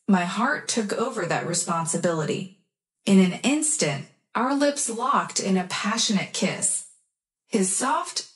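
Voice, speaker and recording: Slow, soft-spoken woman narrating a romance. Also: medium pitch. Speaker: story narrator. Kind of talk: scripted narration of a romance story for English learners.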